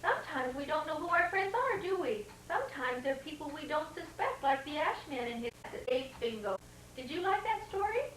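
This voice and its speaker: An older woman reads a storybook to a little child in a fairly high voice, pausing to comment and quiz him. It sounds like an old VHS home video, with echoey room sound and a faint hiss. The camcorder sits some way off from her. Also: big pitch swings, fairly bright tone, far from the mic. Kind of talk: reading a storybook aloud to a child. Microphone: camcorder mic across the room.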